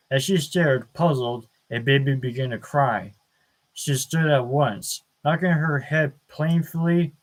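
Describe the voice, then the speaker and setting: A man reading a novel aloud as an audiobook, measured and deliberate, with the odd stumble. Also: medium pitch, low-quality recording. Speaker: audiobook narrator. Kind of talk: slow dramatic book reading.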